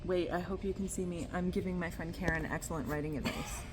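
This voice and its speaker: A woman's voice: fairly low pitch, steady tone, quick pace, noisy background. A woman in her thirties chatting casually on her writing vlog, joking at her own expense. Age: 30s. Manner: chatty and self-deprecating. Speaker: writing vlogger. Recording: roomy echoey room.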